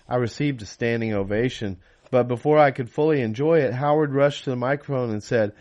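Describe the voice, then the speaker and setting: A man's voice: medium pitch, brisk, a little mellow, dull audio. Man reading his own novel aloud. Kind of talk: audiobook reading.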